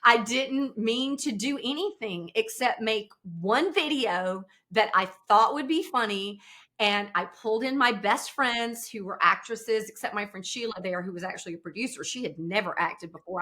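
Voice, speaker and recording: A woman's voice: medium pitch, moderate pace. A woman in her fifties from South Carolina with a Southern American accent, a podcast guest chatting casually and telling stories with lots of laughter. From South Carolina, USA. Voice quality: animated storyteller, laughs often, playful voices in quotes. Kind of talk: casual interview chat.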